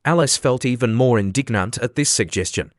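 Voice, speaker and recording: A man reading a classic story aloud as an audiobook narrator, steady and even. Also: mid-range voice, brisk, no room sound, studio quality. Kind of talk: scripted narration.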